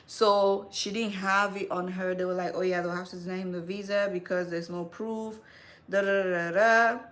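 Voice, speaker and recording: A woman in her thirties hosting a live stream, telling a personal story in an animated, chatty way. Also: fairly low pitch, moderate pace. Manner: animated storytelling, calls listener "girl". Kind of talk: casual live-stream chat.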